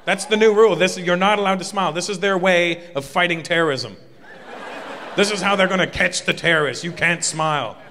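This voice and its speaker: A man from Canada doing a stand-up comedy routine, telling an animated, punchy story. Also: high voice, fairly quick, slight background noise. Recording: live hall with audience laughter.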